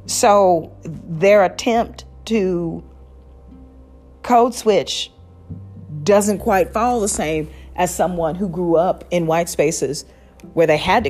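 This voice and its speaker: A woman's voice: on the low side, a little mellow. A woman hosting a podcast, talking in a reflective, casual way with many restarts. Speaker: podcast host.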